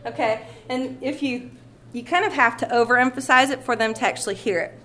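A woman's voice: fairly high pitch, fairly quick, bright, forceful tone. A woman teaching a music lesson, patient and encouraging, sometimes singing short phrases to demonstrate. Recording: echoey room with faint ambient noise.

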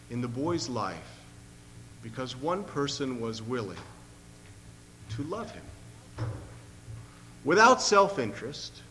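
Bright-voiced preacher in an echoing hall. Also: male voice, medium pitch, a little hiss or hum. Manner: earnest, measured, clears throat often. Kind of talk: sermon with story retelling.

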